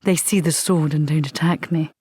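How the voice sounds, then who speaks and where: A woman voicing a calm, polite male vampire recruit who speaks patiently and matter-of-factly in a storybook reading. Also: low voice, moderate pace, slightly rough, no room sound, studio quality.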